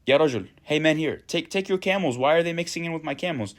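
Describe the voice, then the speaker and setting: A man voicing an annoyed, sharp-tongued young woman who herds camels. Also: on the high side, animated, fast talker, pitched above the performer's own voice, lightly acted. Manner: indignant, scolding.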